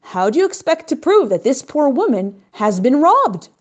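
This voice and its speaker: A woman voicing a wise, merciful older king who speaks in a gentle, measured way. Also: high voice, sing-song, muffled recording, pitched above the performer's own voice. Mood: curious.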